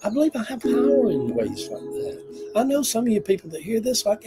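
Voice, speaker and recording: A man's voice: high voice, huge pitch swings, brisk, loud music behind the voice, rough recording. An older man, chatting casually and emotionally on a livestream, rambling and reading viewer comments aloud. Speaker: livestream host.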